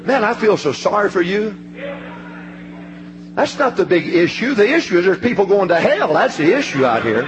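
A man preaching a fervent sermon. He swings between ringing shouts and low, hushed passages. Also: very animated, normal speed, highs cut off, noisy background.

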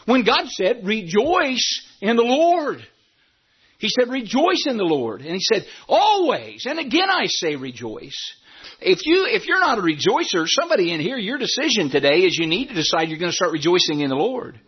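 A man preaching from the pulpit in a high, husky voice that swings wildly up and down. He bursts into shouts and then sinks into low, urging talk. The recording sounds dull and lo-fi. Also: sing-song, normal speed. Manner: preaching with sudden shouts and wide swings in pitch. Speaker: pastor. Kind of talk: sermon.

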